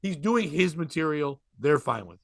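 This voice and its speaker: A man's voice: a little high, gravelly, no echo, clean studio sound. A man telling a long rambling comedy story in casual podcast chat. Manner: rambling, animated, quick asides and laughs.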